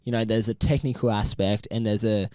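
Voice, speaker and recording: Australian male co-host, casual and playful, smooth clean tone, dry sound. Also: on the low side, steady tone, fairly quick, a little mellow, no echo. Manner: playful, laughs often, jokey asides. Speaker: podcast co-host. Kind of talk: casual chat.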